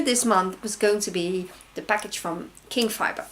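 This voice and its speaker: A woman in her thirties with a Dutch accent, hosting a casual knitting video podcast from home, gushing and gasping with excitement over yarn. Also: mid-range voice, normal speed, few pauses, slight background noise.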